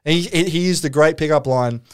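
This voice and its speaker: A man's voice: fairly high pitch, fairly quick, clean tone. A man casually telling a long story in a chat, rambling and full of swearing and fillers. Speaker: podcast co-host telling a story.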